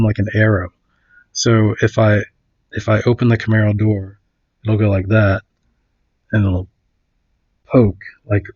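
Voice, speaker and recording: A man's voice: fairly low pitch, highs cut off. A man casually telling a story, full of fillers and restarts, acting out other people's lines.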